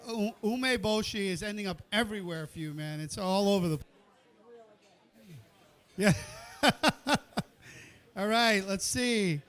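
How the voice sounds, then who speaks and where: A man's voice: very high-pitched, fairly bright tone, smooth. A man hosting a live cooking competition, calling the countdown and joking with the chefs and the crowd. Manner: joking, chatty, cheers the crowd on. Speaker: event host. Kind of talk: live play-by-play emceeing. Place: indoor cooking event kitchen.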